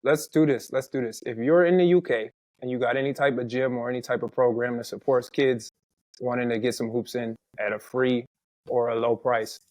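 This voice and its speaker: A man's voice: medium pitch, steady tone, fairly quick, darkish tone, no echo. Upbeat podcast host man, dry close sound. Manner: upbeat, hype announcer. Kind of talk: casual podcast chat and outro.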